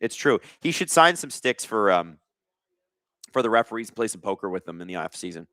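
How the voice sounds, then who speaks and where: Animated man calling hockey live. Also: lowish voice, a little fast, dry recording, clean studio sound. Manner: animated, reads chat aloud, excitable during plays. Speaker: streamer hosting a live hockey watch-along. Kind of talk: live play-by-play and chat reading.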